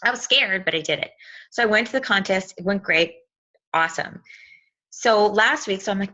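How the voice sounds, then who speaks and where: A woman giving an animated motivational talk, telling stories and acting out what people said. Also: medium pitch, brisk. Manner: animated storytelling, acts out quotes.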